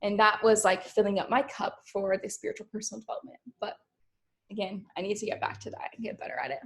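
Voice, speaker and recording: A woman's voice: mid-range voice, flat delivery, fast talker, a bit bright. Chatty young woman leading a coaching session. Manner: chatty, fills speech with "like" and "um". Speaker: personal development coach. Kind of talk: casual group coaching session.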